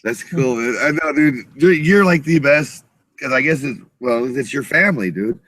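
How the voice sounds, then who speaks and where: A man's voice: medium pitch, animated, normal speed, fairly bright tone, no room sound. A man chatting casually as a show co-host, laid-back and slangy. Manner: laid-back, says dude and man a lot. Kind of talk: casual chat.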